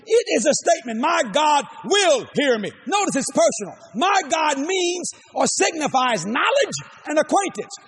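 Shouting older Cajun preacher. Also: male voice, very high-pitched, sing-song, normal speed, few pauses. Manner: emphatic, repetitive, often shouting. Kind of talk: sermon.

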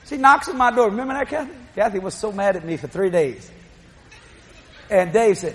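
A middle-aged man preaching a sermon, telling lively stories with laughing asides. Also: sits high, fairly quick. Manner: storytelling, animated, laughing asides.

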